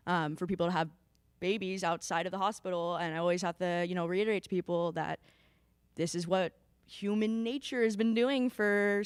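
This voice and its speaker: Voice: medium pitch, clear, resonant tone, dry recording. A clinic outreach worker speaking casually at a community panel, with frequent fillers. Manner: casual and chatty, with many fillers.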